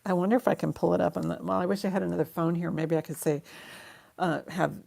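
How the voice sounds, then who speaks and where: Low gravelly-voiced woman hosting a live auction. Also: flat delivery, quick pace, dark tone. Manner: chatty, rambling, laughs often. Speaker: live jewelry auction host. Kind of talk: casual live-stream selling.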